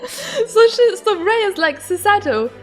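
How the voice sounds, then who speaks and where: A woman's voice: high-pitched, very animated, a little slow, faint music behind. A woman streamer gushing over a story game, squealing and laughing often as she reacts. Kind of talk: let's-play commentary.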